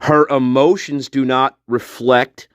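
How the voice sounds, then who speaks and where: A man's voice: mid-range voice, level tone, takes it slowly, clear, resonant tone, no echo, clean studio sound. A man hosting a casual true-crime commentary video, blunt and mocking, swearing freely and chuckling between remarks.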